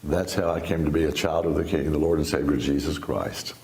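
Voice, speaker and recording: Very deep, a little mellow and reverberant, his voice runs fairly quick with hardly any pauses. The speaker, a man in his seventies from Texas, is an interview guest sharing a personal testimony in a sit-down interview, storytelling folksily with laughs and restarts.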